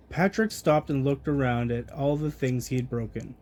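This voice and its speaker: A man reading a children's storybook aloud in a gentle, even storytelling manner. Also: medium pitch, moderate pace, few pauses. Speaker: storybook reader.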